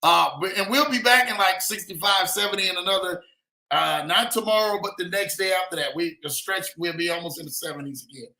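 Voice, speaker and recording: Male livestream host, bright and high-pitched, energetic shout-out style, roomy echo. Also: a little fast. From lives in Denver. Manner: hype, repetitive "man" and "in the building". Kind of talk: casual livestream chat with shout-outs.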